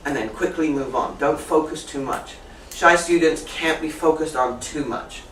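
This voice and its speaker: A woman teacher trainer running a lively classroom demonstration, repeating and correcting students as she goes. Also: low-pitched, normal speed. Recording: echoey classroom from far off with faint noise.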